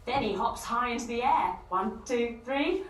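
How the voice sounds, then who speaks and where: Woman leading a kids yoga story, playful chants, high lively voice, echoey room w noise behind. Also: normal speed. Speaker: day camp leader. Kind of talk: kids' yoga story, guiding movements. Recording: echoey room, distant mic, background noise.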